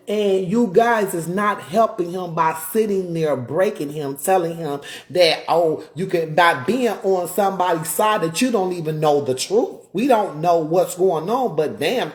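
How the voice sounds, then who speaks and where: Heated, emphatic live-stream ranter. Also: mid-range voice. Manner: emphatic, repetitive, rhetorical questions; greets viewers mid-rant. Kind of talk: ranting live-stream commentary.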